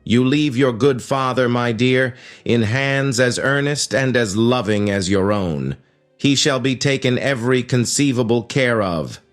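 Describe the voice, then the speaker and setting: A man voicing a gentle, fussy old bachelor banker in an audiobook, speaking with fond, old-fashioned courtesy. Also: mid-range voice, unhurried, soft background music, lightly acted. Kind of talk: audiobook character voice.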